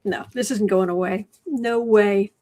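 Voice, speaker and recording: A woman hosting a casual livestream at her desk, reading viewer comments aloud and often dropping into soft asides. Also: mid-range voice, a little hiss or hum. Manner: slow, drops to soft asides and whispers. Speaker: livestream host reading chat. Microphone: desk microphone.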